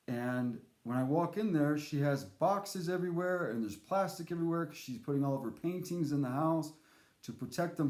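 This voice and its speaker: Animated man telling a story, echoey room. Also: fairly high pitch. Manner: animated, rambling with fillers and restarts. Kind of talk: casual spoken anecdote.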